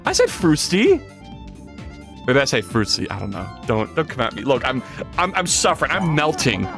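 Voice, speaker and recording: A man's voice: medium pitch, normal speed, vocal fry, faint music behind. A man streaming live while coding, chatting casually with viewers and reading their messages aloud. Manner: animated, jokey, reads chat aloud and rambles. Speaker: livestreamer.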